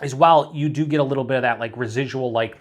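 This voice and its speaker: A man's voice: medium pitch, fast talker. Chatty man rambling through a beer review. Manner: rambling, enthusiastic, frequent "like" and restarts, swears casually. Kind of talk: casual solo review.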